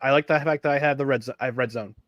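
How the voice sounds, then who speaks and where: A man from upstate New York chatting casually about sports as a podcast co-host, animated and often restarting his sentences. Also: medium pitch, racing, no room sound, lo-fi sound.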